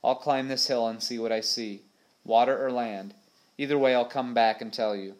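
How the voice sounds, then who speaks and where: A man reading aloud and voicing a bold, eager young boy who asks quick questions. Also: mid-range voice, fairly even intonation, darkish tone, natural voice.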